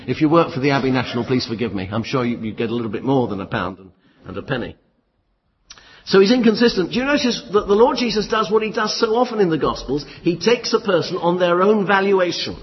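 Male preacher, emphatic and lively, long echo, dull sound. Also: on the high side, a little hiss or hum. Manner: emphatic, lively expository preaching with dry humour. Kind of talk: sermon. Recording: muffled, echoey hall.

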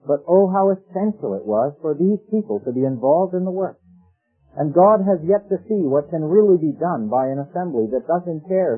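A man's voice: medium pitch, husky. A man preaching a sermon in a conversational way, with rhetorical questions and quoted scripture. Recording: tinny phone-like old radio broadcast with faint music.

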